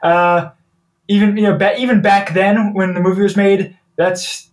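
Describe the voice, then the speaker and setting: A man's voice: sits high, fairly even intonation, normal speed, distant mic. A man co-hosting a podcast, chatting casually about a film with lots of "like" and "you know" fillers. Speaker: podcast co-host. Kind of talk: casual movie discussion.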